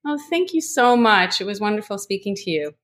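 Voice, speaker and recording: A woman author answering an interview, hesitant and unhurried. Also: medium pitch, big pitch swings, a crowd in the background.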